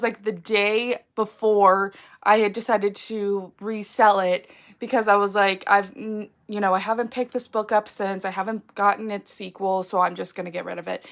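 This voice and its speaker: Sick woman with a froggy, gravelly voice. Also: medium pitch, fairly bright tone. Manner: chatty, many ums and likes. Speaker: book vlogger. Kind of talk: casual book haul chat.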